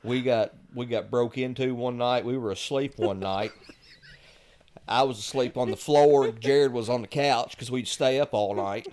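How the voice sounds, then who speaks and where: A middle-aged man, telling lively stories as a podcast guest and chuckling at the punchlines. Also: mid-range voice, measured pace, a little hiss or hum. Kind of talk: casual storytelling.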